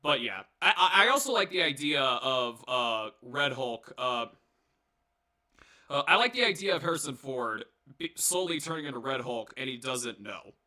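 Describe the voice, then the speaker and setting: A young man rattles off a loose, meandering movie review at a moderate clip, his medium-pitched voice bright, pushed, and full of energy. He cusses and cracks jokes throughout, leaning heavily on filler words and frequently starting his sentences over.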